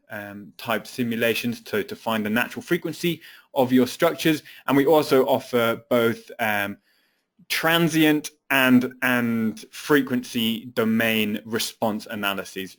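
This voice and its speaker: A man, an application engineer presenting a technical software webinar, explaining steadily with frequent fillers and repeated words. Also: medium pitch.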